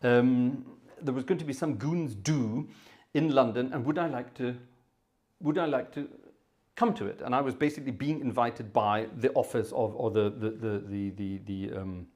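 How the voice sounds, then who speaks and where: Male organist-host, mid-pitched, rambling anecdote with many fillers and restarts. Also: normal speed, darkish tone. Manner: rambling, filler-heavy, self-interrupting. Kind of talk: live storytelling anecdote.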